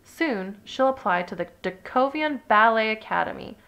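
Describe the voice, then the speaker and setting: A kind grown-up mouse who teaches ballet, speaking in an unhurried, gentle way, as a woman reading a children's book does her. The voice has a faint gravelly edge. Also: a little high, animated. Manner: gentle, measured.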